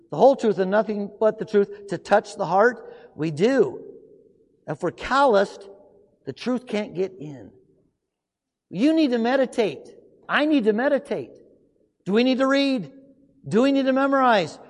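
A man preaching a sermon, asking emphatic rhetorical questions and swinging between loud outbursts and hushed passages. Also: high voice. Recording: long hall reverb.

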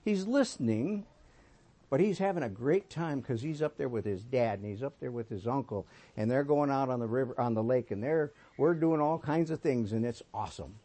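A man in his sixties preaching a sermon, telling folksy stories and swinging between emphatic points and soft asides. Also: medium pitch, expressive, normal speed. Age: 60s. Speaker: pastor.

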